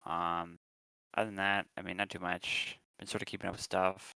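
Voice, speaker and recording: A man's voice: sits low, level tone, moderate pace, creaky, sharp tone, smooth, no echo, rough recording. A man co-hosting a podcast, chatting casually and rambling with lots of ums and restarts. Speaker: podcast co-host. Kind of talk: casual chat.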